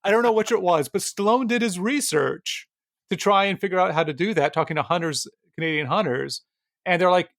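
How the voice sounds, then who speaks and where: Higher-voiced man telling a lively story. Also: fairly quick, vocal fry, no room sound, clean studio sound. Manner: animated storyteller who acts out quotes. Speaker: podcast co-host. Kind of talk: casual chat. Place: podcast studio.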